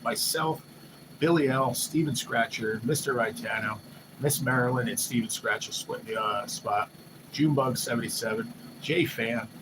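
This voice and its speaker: Excitable male livestream host, noisy room. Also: medium pitch. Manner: loose, excitable, swears casually, quotes others in lifted voices. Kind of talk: casual live-stream chat. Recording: noisy background hum.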